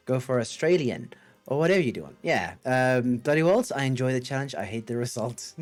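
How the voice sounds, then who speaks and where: A man's voice: mid-range voice, a little mellow. A man hosting a casual coding livestream, thinking aloud and chatting with viewers in a rambling, upbeat way. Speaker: livestream host.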